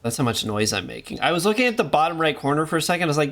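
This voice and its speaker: A man's voice: a little high, sing-song, rapid-fire, gravelly, fairly bright tone. A man streaming a game, talking in rambling casual commentary full of jokey asides. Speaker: gaming streamer.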